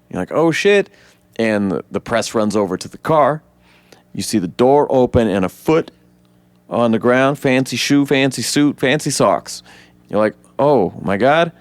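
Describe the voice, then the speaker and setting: A man in casual podcast chat who walks through a movie scene by scene. He keeps jumping into high, excited voices to act out the characters, and his voice sits at a middle pitch. The sound is close and dry. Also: moderate pace, no echo. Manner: animated storyteller, acts out characters in high voices. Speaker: podcast co-host. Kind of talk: casual film recap chat.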